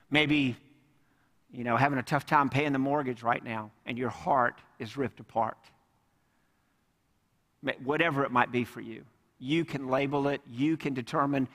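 A man's voice: medium pitch, fairly bright tone. A man preaching a sermon as a pastor, emphatic and repeating key words for weight, often putting questions straight to his congregation. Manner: addresses the congregation directly with questions. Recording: long reverb of a large hall.

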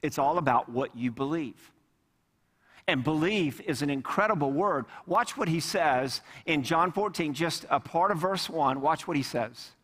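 A man's voice: a little high, animated, measured pace, a bit bright. A man preaching a sermon as a pastor, emphatic and repeating key words for weight, often putting questions straight to his congregation. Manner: addresses the congregation directly with questions. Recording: long reverb of a large hall.

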